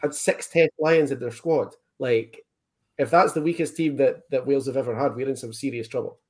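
A man co-hosting a podcast, telling stories in a lively, animated way and mimicking the people he talks about. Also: medium pitch, brisk, no echo, studio quality. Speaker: podcast co-host. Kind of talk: casual sports chat.

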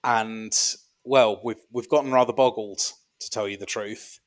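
A man playing a dwarf man who runs an underground fortress, in a comic podcast bit, rambling and deadpan with many pauses. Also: on the low side, natural voice.

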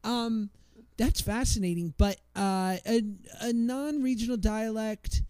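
A man's voice: sits high, a little slow, warm tone, clear, resonant tone, dry recording. A man from Manhattan, a podcast guest, chatting casually with wry, playful jokes. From Manhattan, New York.

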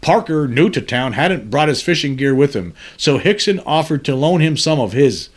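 A man's voice: fairly high pitch, expressive, normal speed. A man hosting a podcast, reading news articles aloud and adding earnest, somber commentary between the passages. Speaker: podcast host.

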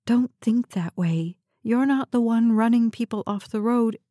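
A woman's voice: on the high side, measured pace, mellow, no echo, clean studio sound, lightly acted. A woman reading the part of an anxious, trusting young woman, speaking hesitantly. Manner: hesitant, trembling.

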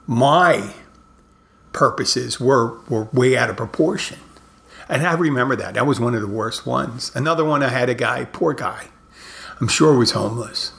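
A middle-aged man, a bartender hosting his podcast, telling stories in a casual, halting monologue with many restarts. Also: medium pitch, creaky, fairly bright tone.

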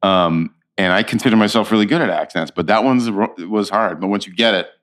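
Very deep-voiced man telling stories. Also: a little fast. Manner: animated storyteller, slips into quoted voices. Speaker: actor, interview guest. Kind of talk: casual interview chat.

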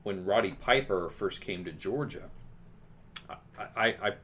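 Man, low voice, chatty storyteller, faint room hum behind. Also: expressive, unhurried, fairly bright tone. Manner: chatty storyteller with many restarts and laughs. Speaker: podcast co-host. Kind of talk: casual chat.

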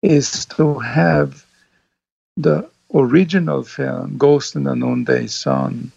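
An older man, a film director, reminiscing as an interview guest, halting, with many restarts. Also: mid-range voice, steady tone, creaky, darkish tone, slightly rough, dry recording. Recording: dull lo-fi sound.

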